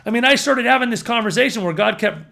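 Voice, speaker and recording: A man preaching to an audience as a prophetic minister, fervent and building to emphatic near-shouts. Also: very high-pitched, fast talker, gravelly.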